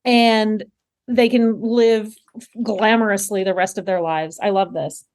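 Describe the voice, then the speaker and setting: A woman's voice: medium pitch, fairly even intonation, measured pace, a little mellow. A woman co-hosting a podcast, reacting to a TV episode in gushing, chatty talk full of "like". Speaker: podcast co-host. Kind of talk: casual chat recapping a TV episode.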